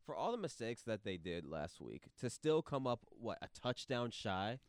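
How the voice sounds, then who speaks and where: A man co-hosting a sports podcast, chatting in an animated, informal way. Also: mid-range voice, normal speed, dry recording, clean studio sound. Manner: animated, laughing, informal slang. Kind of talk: casual sports chat.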